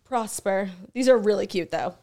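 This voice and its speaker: A woman's voice: mid-range voice, moderate pace, mellow. A woman co-hosting a casual morning chat show, bubbly and joking, laughing often. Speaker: podcast co-host.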